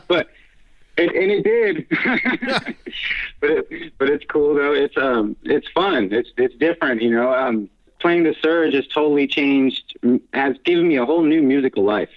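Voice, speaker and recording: A man's voice: on the high side, expressive, measured pace. A man, a house music DJ and producer, telling his story as an interview guest in a rambling, laughing way with many restarts. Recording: tinny phone-like line.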